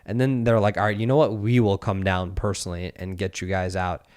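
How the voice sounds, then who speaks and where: Smooth-voiced man telling a wild story. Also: low voice, brisk. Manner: animated storyteller, acts out quotes, swears. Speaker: podcast host telling a story. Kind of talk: casual chat.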